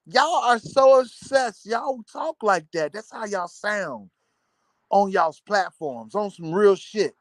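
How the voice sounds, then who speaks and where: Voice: mid-range voice, lively intonation, slow, no echo, studio quality. A live streamer ranting at their viewers in sarcastic commentary, mocking them and hammering points home by repeating phrases, with blunt, casual swearing.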